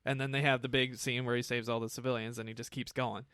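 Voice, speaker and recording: A man's voice: medium pitch, level tone, fast talker, a bit bright, clear, resonant tone, no room sound, studio quality. A man hosting a casual film review, ranting with lots of swearing and frequent laughs. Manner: profane, ranting, laughs often. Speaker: movie review host.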